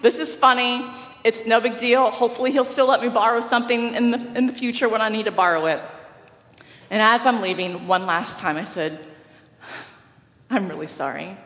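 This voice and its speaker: A woman pastor preaching a sermon, telling a personal story in a lively way and laughing often. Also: on the high side, a little fast. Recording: echoey hall with long reverb.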